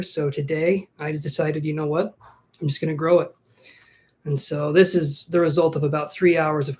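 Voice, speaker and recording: A man hosting a casual live-stream tarot reading, chatty and self-joking, thinking aloud as he greets viewers and shuffles cards. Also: a little high. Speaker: tarot reader.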